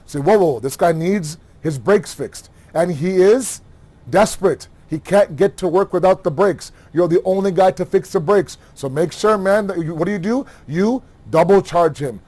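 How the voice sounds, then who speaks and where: A man giving a religious lecture, animated, asking rhetorical questions and acting out everyday dialogue. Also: sits high, moderate pace. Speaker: Muharram lecturer.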